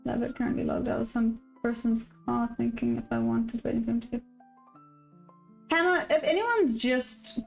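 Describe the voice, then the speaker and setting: A woman's voice: on the high side, moderate pace, vocal fry, faint music behind. Upbeat woman streaming. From South Africa. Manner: chatty and upbeat, laughs often. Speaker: day-trading livestream host. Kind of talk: casual livestream chat, reading viewer comments aloud.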